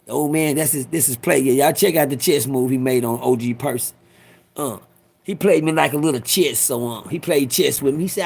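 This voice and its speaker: A man's voice: mid-range voice, brisk, gravelly, slight background noise. A middle-aged man telling a rambling, profane story to his live viewers, often breaking off to talk to them directly. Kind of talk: casual livestream storytelling.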